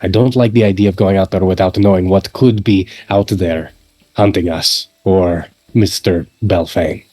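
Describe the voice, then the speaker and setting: A man voicing a stern, suspicious male adventurer in a tabletop role-playing game, speaking in a measured, insistent way. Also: low-pitched, steady tone, darkish tone, faint music behind. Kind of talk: in-character tabletop role-play.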